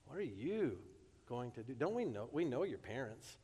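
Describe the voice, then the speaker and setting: A preacher playing an indignant skeptical crowd. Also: male voice, fairly high pitch, very animated, slow. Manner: mocking, dismissive. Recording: long reverb of a large hall.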